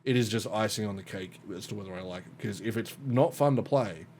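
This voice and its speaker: A man's voice: lowish voice, brisk, a little mellow, slight background noise. A young man hosting a podcast, chatting casually with lots of swearing, laughter and tangents. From Australia. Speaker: podcast host. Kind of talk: casual chat.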